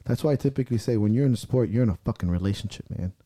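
A man speaks with a deep, very dark and mellow tone in a loose podcast chat. He tells his story with raw intensity and a lot of swearing, and he acts out the heated self-talk he used to push himself. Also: rapid-fire, no echo. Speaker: strongman athlete and podcast guest. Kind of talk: casual podcast conversation.

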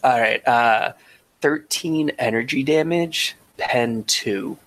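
A man's voice: medium pitch, slow, fairly bright tone, low-quality recording. A man explaining tabletop game rules in a matter-of-fact way, with frequent filler sounds. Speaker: rules helper.

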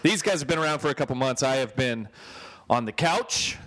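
A man's voice: medium pitch, animated, fairly quick, noisy background. A young man co-hosting a podcast in casual chat, joking and teasing his partner. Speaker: podcast co-host.

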